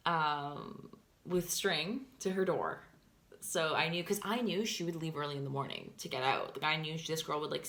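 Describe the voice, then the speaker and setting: A young woman tells a story to camera in a loose, rambling chat, piling on fillers and the odd swear word. Her voice sits a touch lower than most women's. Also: a bit bright. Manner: chatty, filler-heavy with constant "like", swears and laughs. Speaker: vlogger.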